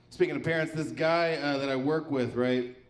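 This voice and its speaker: Male comic, deadpan delivery, raised pitch, live in an echoey venue. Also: unhurried. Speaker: stand-up comedian. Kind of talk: stand-up comedy set.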